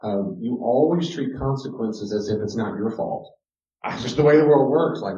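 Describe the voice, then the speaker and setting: A man speaking on parenting and character gives a casual teaching talk, chatting conversationally and acting out bits of quoted dialogue. His mid-range voice is warm and animated at a moderate pace, captured in a roomy, distant, dull recording.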